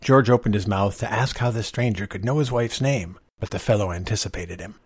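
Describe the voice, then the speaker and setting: A man reading a short story aloud in a measured, expressive way, with a husky voice. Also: on the low side, no echo, clean studio sound.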